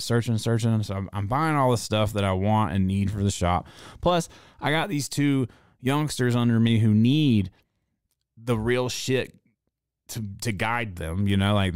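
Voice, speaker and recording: A man who runs a tattoo shop, hosting a casual monologue and telling a story in a profane, animated way. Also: lowish voice, clean tone, no room sound, studio quality. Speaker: podcast host.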